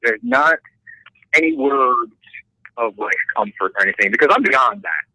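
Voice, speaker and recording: A middle-aged man tells a story in a lively, swooping voice with a bright, forceful edge. He talks casually and swears freely, slipping into the voices of the people he describes. The sound is close and dry, with no room around it. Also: mid-range voice, moderate pace, no room sound, poor audio. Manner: animated, profane, acts out voices in stories. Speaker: tattoo artist.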